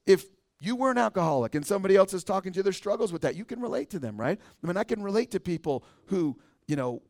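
An American man, a pastor, preaching a conversational sermon and often ending points with a quick "right?". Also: high voice, expressive, a little mellow, no echo, clean studio sound. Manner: conversational preaching, frequent tag question "right?".

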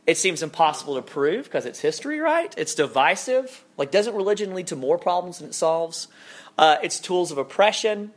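A man's voice: fairly high pitch, expressive, normal speed, a bit bright. A young man preaching a conversational sermon full of rhetorical questions. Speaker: pastor.

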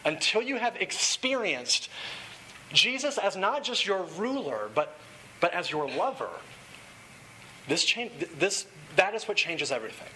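A man's voice: sits high, big pitch swings, a little slow, pushed and bright, slight background noise. A young man preaching a sermon, earnest and at times playful as he tells a story. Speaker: pastor.

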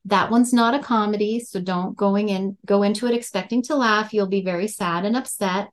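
A woman's voice: mid-range voice, fairly even intonation, moderate pace. A woman author as a podcast guest, talking in a casual, upbeat way and laughing often. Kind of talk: casual interview chat.

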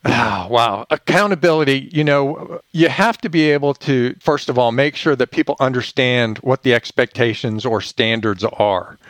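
Male guest, lively anecdote teller, mid-pitched, dry recording. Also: normal speed, hardly any pauses, dry recording. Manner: animated, acts out quoted voices. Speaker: podcast guest, leadership author. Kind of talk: casual storytelling.

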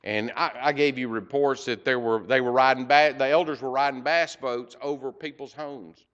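A man giving a heartfelt report to a church congregation, halting and emotional, with many fillers. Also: mid-range voice, steady tone, fairly bright tone, highs cut off. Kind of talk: storytelling church talk. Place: church sanctuary.

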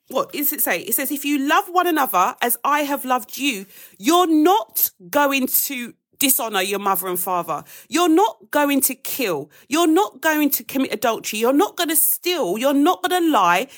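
Woman, high voice, live devotional host; casual Bible teaching, rushes and corrects herself mid-list. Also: a bit bright. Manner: chatty, addresses viewers as guys, rushes and corrects herself. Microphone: phone or webcam on a live stream.

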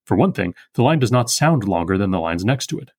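A man hosting a poetry podcast, giving a precise, methodical close reading of a poem's meter and slowing down to sound out single lines. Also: lowish voice, big pitch swings, darkish tone, dry recording. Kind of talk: close reading and metrical analysis.

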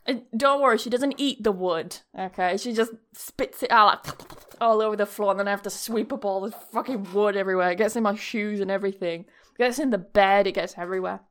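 A woman's voice: medium pitch, fairly quick. A young woman hosting a podcast, chatting casually through a spooky story, laughing often and swearing freely. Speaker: podcast host.

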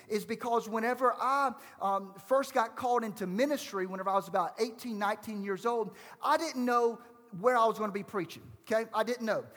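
A man's voice: high voice, a bit bright. A man around forty, a pastor preaching a sermon and quizzing the congregation with emphatic rhetorical questions. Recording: long hall reverb.

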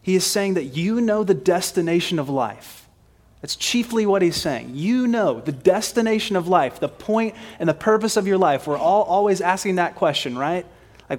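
Brief: male preacher, conversational and emphatic sermon delivery, slightly high voice, asks rhetorical questions. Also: expressive, normal speed. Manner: conversational, emphatic, frequent repeats.

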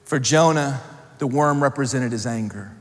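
A male pastor preaching a sermon, swinging between loud emphatic lines and hushed, low ones. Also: normal speed. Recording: long hall reverb.

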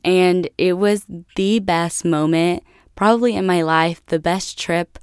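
Young American woman, podcast host, low-ish voice, very smooth and clear, dry close sound. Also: measured pace, no echo. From United States. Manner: chatty, laughs often, addresses listeners as guys. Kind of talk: casual solo storytelling.

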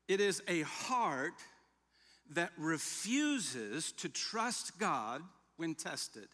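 A man's voice: a little high, pushed and bright, big-room sound. A man preaching an emphatic sermon as a pastor, reading scripture and repeating his key lines.

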